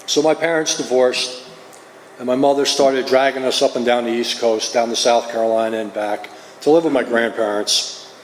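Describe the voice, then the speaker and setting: Middle-aged New Jersey man, confessional speaker, recorded in an echoey hall with faint background hum. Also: mid-range voice. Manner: earnest, confessional storytelling. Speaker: recovery meeting speaker. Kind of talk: personal testimony. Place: meeting hall. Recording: roomy hall, faint ambience.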